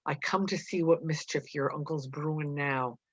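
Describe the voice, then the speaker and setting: A woman's voice: low-pitched, fairly even intonation, moderate pace, husky, dry recording. A woman doing a stern, blunt farmer. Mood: firm. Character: stern, blunt male farmer scolding his servant. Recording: dull, dry lo-fi recording.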